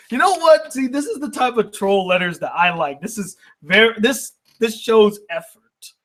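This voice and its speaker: A man's voice: high voice, fairly bright tone. A man hosting a casual vlog, reading fan mail aloud and chuckling often, at times getting emotional. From United States. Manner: laughs often, chuckling through his reading; emotional, says he is tearing up.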